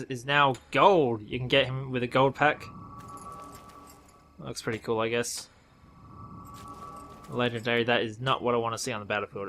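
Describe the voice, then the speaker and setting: Australian man, casual game commentary, rambling, self-correcting, bright tone, mid pitch. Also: a little hiss or hum. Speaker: gaming video host.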